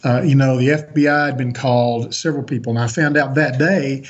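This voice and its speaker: A man's voice: mid-range voice, fairly even intonation, fairly quick, highs cut off. A man on a podcast as a guest, earnestly recounting a personal story with frequent restarts.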